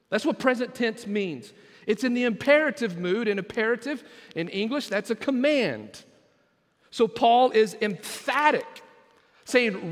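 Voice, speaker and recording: A man preaching a sermon as pastor, emphatic and swinging between quiet, drawn-out phrases and loud bursts. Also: very high-pitched, animated, in a large hall.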